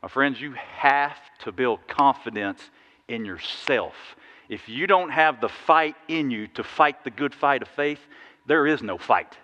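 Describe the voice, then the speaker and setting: A man preaching a sermon, telling stories in a lively, animated way with sudden loud bursts. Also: medium pitch, unhurried. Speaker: pastor. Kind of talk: sermon with storytelling. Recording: dull sound in a big reverberant hall.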